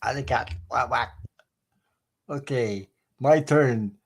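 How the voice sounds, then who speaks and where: A man hosting a casual live stream, giggly and animated. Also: medium pitch, slow pace. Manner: giggly, animated, lots of laughter. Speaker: host.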